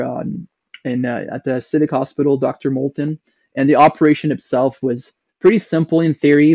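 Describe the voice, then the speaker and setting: A man's voice: warm tone, no room sound. A young man with a Canadian accent telling a long personal story as a podcast guest, rambling with many fillers and restarts. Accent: Canadian English. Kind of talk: casual storytelling. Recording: dull low-fidelity sound.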